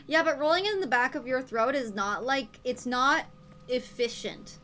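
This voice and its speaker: A woman's voice: high voice, normal speed, bright, forceful tone, slight background noise. A young woman streaming a game, chatting casually in a playful, giggly way. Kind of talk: casual gaming stream chat.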